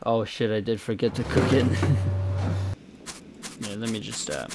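A young man narrates a cooking game in slow, stretched-out bursts, cursing freely and grumbling unfinished side comments to himself, then suddenly erupting loudly. His middle-pitched voice is expressive, with a faint hiss underneath this casual, chaotic gameplay commentary.

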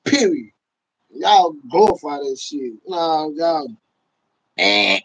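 A man hosting a livestream, delivering a profane, mocking rant with sudden shouts. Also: a little high, sing-song, slow, rough recording. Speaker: livestream host. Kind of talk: ranting livestream commentary.

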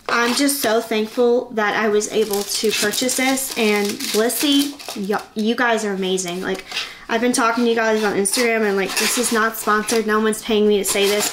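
Chatty, high-voiced young woman vlogger. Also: normal speed, noisy background. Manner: chatty and excitable, rambling. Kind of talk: casual vlog chat. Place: her bedroom at home.

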